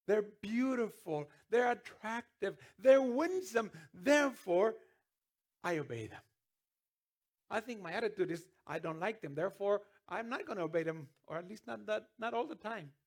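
A man's voice: sits high, moderate pace, creaky, few pauses. A man preaching a sermon as pastor, earnest, with restarts and sudden emphatic rises.

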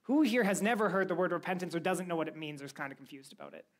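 Woman teaching a lively Bible lesson. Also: on the low side, rapid-fire. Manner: lively storytelling, quizzing the listeners. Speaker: church youth teacher. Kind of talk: Bible lesson for a young group.

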